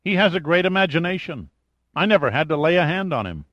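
A man's voice: on the high side, sing-song, fast, a bit bright, dry recording, pitched above the performer's own voice. Man doing sardonic tough sidekick, mocking menace, dry close sound. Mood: wry. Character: wry, menacing male sidekick, joking about torture. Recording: dull lo-fi audiobook recording.

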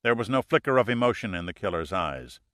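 Man reading a thriller, lowish bright voice, super dry close mic. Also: dry recording. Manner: steady, measured storytelling. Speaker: audiobook narrator. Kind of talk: scripted thriller narration.

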